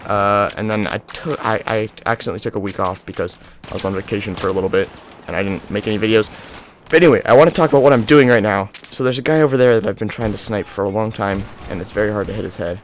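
A man's voice: on the low side, fast talker, a little hiss or hum. A young man casually commenting on his gameplay, rambling and breaking into panicked yelps and whining. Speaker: gaming YouTuber.

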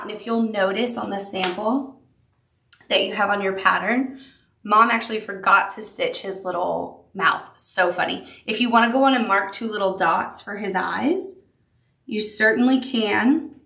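A woman's voice: mid-range voice, normal speed, gravelly, bright, forceful tone, roomy sound. A woman giving a chatty, upbeat sewing tutorial, cooing over cute little details as she works. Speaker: quilting instructor.

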